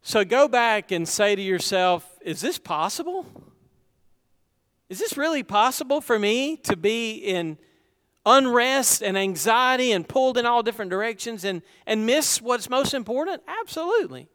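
A man's voice: very high-pitched, expressive, normal speed, fairly bright tone, clear, resonant tone, in a large hall. A middle-aged man preaching a sermon, talking conversationally and asking the congregation rhetorical questions. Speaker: pastor.

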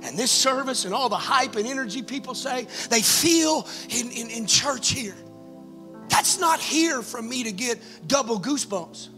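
A man's voice: very high-pitched, expressive, normal speed, music in the background. A man preaching a Pentecostal altar-call sermon in a church, fervent and building to urgent exhortation. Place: church sanctuary.

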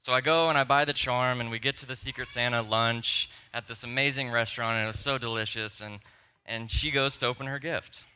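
Young male pastor, very bright tone, casual storytelling sermon, mid pitch. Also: fairly quick, clear, resonant tone. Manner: storytelling, animated and conversational, with laughs. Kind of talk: sermon with personal stories.

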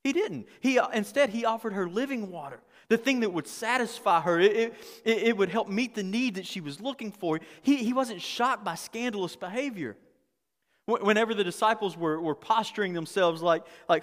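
A man pastor preaching a sermon in a conversational, animated way, repeating phrases for emphasis. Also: high-pitched, moderate pace. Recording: long reverb of a large hall.

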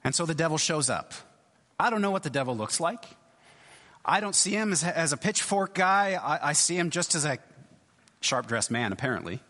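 A man delivers a sermon with a lively, rising and falling pitch, talking it through casually and restarting phrases as he thinks. His voice is a bit husky. It rings out with the long reverb of a large church. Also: moderate pace. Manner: conversational, thinking aloud with frequent restarts. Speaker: pastor.

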